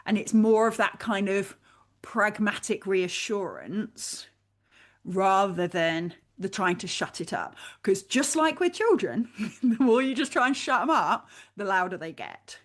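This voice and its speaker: A woman working as a life coach, talking animatedly in a coaching conversation and quickly acting out bits of inner dialogue. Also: medium pitch, lively intonation.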